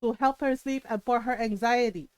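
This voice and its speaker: A woman's voice: a little high, normal speed, darkish tone, clear, resonant tone, dry recording, pitched below the performer's own voice, lightly acted. A woman quoting her blunt mother, who scolds in clipped, broken English. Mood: scolding.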